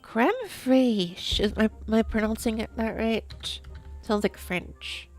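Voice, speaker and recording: A woman's voice: on the high side, flat delivery, measured pace, soft background music. A woman streamer chatting casually on a live stream, rambling, giggling often and restarting her sentences.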